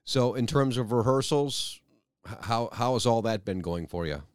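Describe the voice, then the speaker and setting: A man's voice: mid-range voice, lively intonation, normal speed, smooth, no room sound, studio quality. A middle-aged man hosting a local radio interview, chatty and plugging event details. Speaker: radio host.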